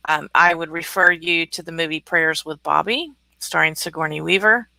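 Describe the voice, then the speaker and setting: A woman hosting a casual livestream chat in a relaxed way and reading viewer comments aloud. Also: low voice, normal speed, gravelly, no room sound. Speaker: host.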